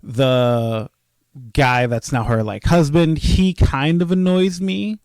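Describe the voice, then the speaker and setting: A young man co-hosting a casual podcast chat, rambling and animated, slipping into quoted asides as he rants. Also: fairly high pitch, slow pace, smooth, dry recording, clean studio sound. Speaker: podcast co-host.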